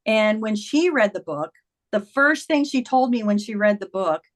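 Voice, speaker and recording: A woman in her fifties, a guest author, animatedly retelling a personal story in a casual interview with lively quoted voices. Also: medium pitch, moderate pace.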